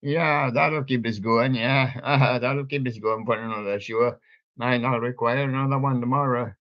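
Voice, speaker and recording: A man's voice: mid-range voice, fairly even intonation, normal speed. An older man hosting a live stream alone, rambling through jokey wordplay, chuckling and talking to his props. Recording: dull lo-fi stream audio.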